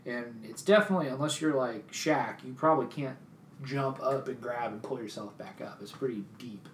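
A man's voice: medium pitch, normal speed, distant mic, a little hiss or hum. A man from Arkansas with a Southern accent, telling a rambling story in casual chat, swearing freely and acting out quotes. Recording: roomy, off-mic with faint ambience.

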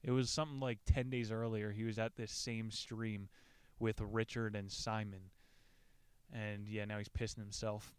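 A man with a smooth, clear voice retells a survival story in a loose, irreverent way. He jokes and swears freely, and his voice sounds close and dry. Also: on the low side, flat delivery, normal speed, no echo. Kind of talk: casual retelling with quoted readings.

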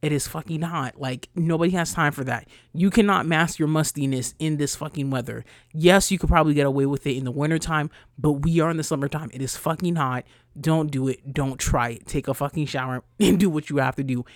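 A young woman from New ranting bluntly as a podcast host, swearing freely and her voice jumping loud and high when she gets riled. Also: fairly quick, no echo, clean studio sound. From New York, USA. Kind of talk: casual ranting monologue.

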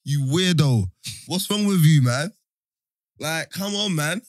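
A man, co-hosting a casual podcast and telling animated stories in slang. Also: on the high side, slow, no echo. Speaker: podcast co-host. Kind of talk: casual banter.

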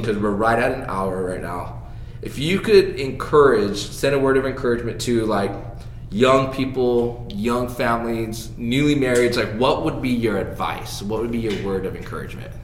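A man's voice: medium pitch, expressive, normal speed. Chatty man interviewer, echoey room. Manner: storytelling with many fillers, acts out quoted voices. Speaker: interviewer, church member. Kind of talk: casual interview chat. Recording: echoey room, faint hum.

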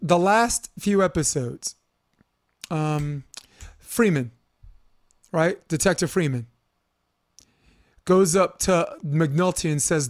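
A talkative man hosting a podcast, his voice sitting a little high for a man. He rambles and restarts his sentences, swears freely, and gets animated as he tells stories. The recording is dry and close, with no room sound. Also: takes it slowly, pauses often, dry recording. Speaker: podcast host. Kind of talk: casual chat.

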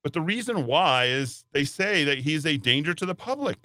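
A man's voice: fairly high pitch, very animated, normal speed, pushed and bright, no room sound, studio quality. A man hosting a talk radio show, ranting emphatically and sarcastically, at times putting on mocking voices. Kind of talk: opinionated talk radio monologue. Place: radio studio.

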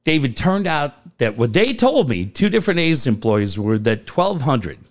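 A man's voice: medium pitch, very animated, moderate pace. A middle-aged man co-hosting a podcast, telling stories in casual chat, acting out the dialogue and swearing freely. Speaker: podcast co-host.

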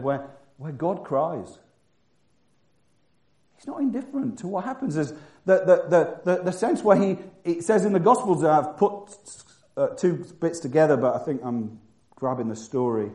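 A man preaching a sermon who moves from loud, emphatic bursts to hushed, quiet passages. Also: a little high, lively intonation, moderate pace, echoey room.

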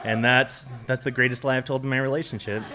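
A man telling a funny personal story on stage, chuckling and rushing through his asides. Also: medium pitch, little pitch movement, heavy background noise. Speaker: storyteller at a live show. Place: stage at a live event.

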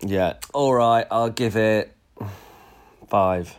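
A man's voice: fairly low pitch, very slow, clear, resonant tone. A man co-hosting a podcast in casual chat, wry and joking, rambling through his points. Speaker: podcast co-host.

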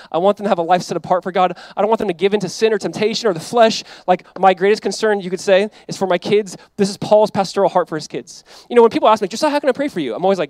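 A man in his thirties preaching a sermon as pastor, animated and emphatic, acting out quoted voices. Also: high-pitched, no room sound.

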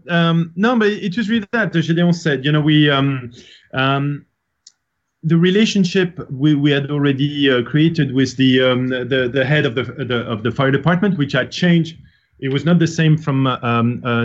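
A man with a French accent talks at length as a guest on an interview show, rambling through his story with frequent fillers and restarts. His voice sits at an ordinary middle pitch. The audio is slightly muffled. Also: moderate pace. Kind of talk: casual interview talk.

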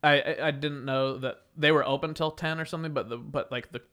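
A man co-hosting a casual chat, telling a story in an animated way and acting out the people in it. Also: on the high side. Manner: animated storyteller, quick to act out other people.

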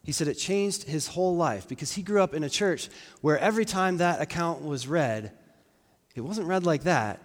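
A man's voice: a little high, animated, normal speed, in a large hall. A man preaching a sermon in a conversational, reflective way, with fillers and restarts, in a church.

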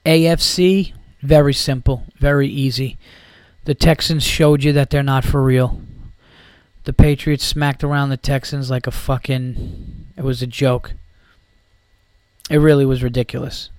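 A man's voice: mid-range voice, steady tone, unhurried, a little mellow, clean tone, no room sound. A man hosting a podcast, ranting about football in a heated, profane, rambling way. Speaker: podcast host. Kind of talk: casual sports rant.

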